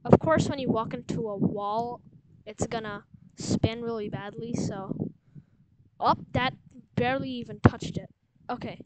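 A woman talks through a game walkthrough at an unhurried, drawn-out pace, her voice sitting slightly high. She rambles, second-guesses herself and fills gaps with ums. Loud noise and clicking run under the recording. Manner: rambling, unsure, many fillers. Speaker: game guide host. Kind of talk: casual gameplay walkthrough.

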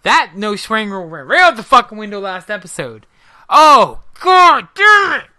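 A woman narrating her own gameplay, her bright, sharp voice swinging widely in pitch. She swears freely and yells at the enemies, then drops to muttering under her breath. The feel is a casual let's-play recorded at home. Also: very animated, moderate pace. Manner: swears constantly, loud frustrated outbursts at the game. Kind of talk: live gameplay commentary.

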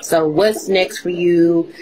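A woman's voice: fairly low pitch, steady tone, slow, mellow, a little hiss or hum, rough recording. A woman hosting an interview in a casual, chatty way, laughing often and using slang. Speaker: interview host.

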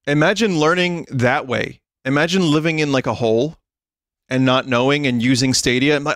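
A man's voice: medium pitch, normal speed, a bit bright, dry recording, clean studio sound. A man hosting a livestream, chatting casually to his viewers and laughing often as he reads a list aloud. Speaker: livestream host. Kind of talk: casual stream chat.

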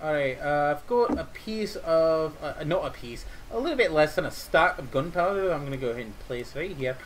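A woman playing a multiplayer game in a put-on British accent, narrating her own moves and breaking into panicked shouts. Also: low-pitched, lively intonation, fairly quick, slight background noise. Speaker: gamer.

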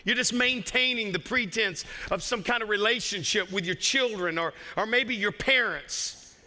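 A pastor with a Southern US accent preaches with passion, breaking into jokes and sudden raised lines. His voice sits high and rings very bright and sharp. A long reverb trails each phrase through the church hall. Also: moderate pace. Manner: impassioned, joking asides, bursts of raised voice. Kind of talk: sermon. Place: church sanctuary.

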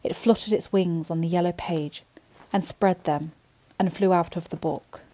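A woman storyteller reading a bedtime story aloud in an expressive, gentle way. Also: lowish voice, moderate pace.

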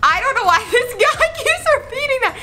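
Bubbly high-voiced woman gaming host. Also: big pitch swings, normal speed. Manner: bubbly, squealing and gasping reactions, talks straight to the viewers. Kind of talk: excited game-play commentary to viewers. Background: background music.

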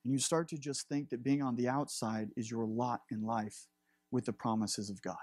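A man's voice: medium pitch, steady tone, moderate pace, a little mellow, dry recording. A man in his thirties preaching a sermon, impassioned and confessional, with laughing asides. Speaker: pastor.

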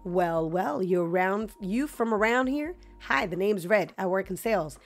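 A woman's voice: lively intonation, lightly acted. Sly fox art dealer, read out by a woman. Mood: smooth-talking. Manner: fast-talking sales pitch, reading game dialogue aloud.

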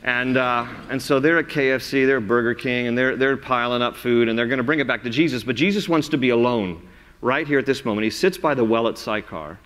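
A man preaching a sermon as pastor, telling the story in an animated way and acting out the voices. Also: mid-range voice, brisk. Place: large church sanctuary. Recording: reverberant church sanctuary.

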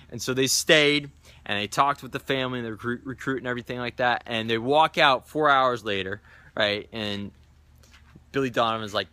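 A man's voice: medium pitch, brisk, pushed and bright. A man, a sales trainer, telling a coaching story in a daily video, animatedly acting out what people said.

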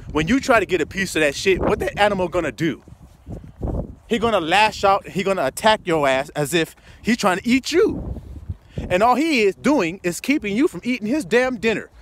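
A man's voice: high-pitched, slight background noise. A man preaching a confrontational, profane sermon full of rhetorical questions. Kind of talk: fiery street sermon.

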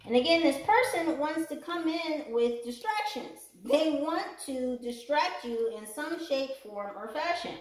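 A woman's voice: high voice, expressive, a little slow, hardly any pauses. Chatty woman, echoey room. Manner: chatty, joking, swears freely, laughs often. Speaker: tarot reader. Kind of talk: casual tarot reading vlog.

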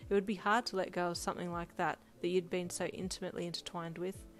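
A woman reading a second-person fan fiction story in an even, steady way. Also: lowish voice, fast. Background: faint music.

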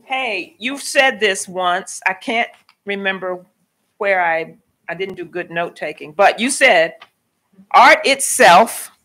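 A woman's voice: medium pitch, a little slow, fairly bright tone. A woman poet interviewing an author onstage, asking searching, thoughtful questions. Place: library stage before an audience.

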